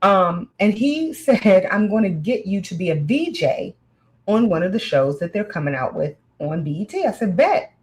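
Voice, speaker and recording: A woman's voice: medium pitch, expressive, moderate pace, a little mellow, rough recording. Woman telling a candid story. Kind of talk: casual chat.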